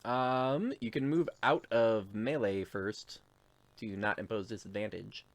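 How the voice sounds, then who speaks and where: A man's voice: on the low side, measured pace. A man narrating as game master of a tabletop game in a laid-back, chuckling manner with many fillers. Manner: laid-back, laughs often, lots of fillers.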